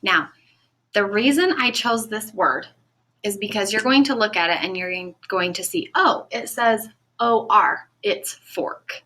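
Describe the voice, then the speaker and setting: Slow, bright-voiced woman teaching phonics. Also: medium pitch, animated. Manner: slow, clear, encouraging classroom delivery; stretches and sounds out words. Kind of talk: recorded phonics lesson for children.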